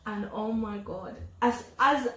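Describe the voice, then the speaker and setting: A young woman with a cold, co-hosting a casual drama review and excitedly retelling scenes. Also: mid-range voice, slow, roomy sound. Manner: excited retelling of scenes, emotional, laughs often. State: has a cold. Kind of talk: casual chat.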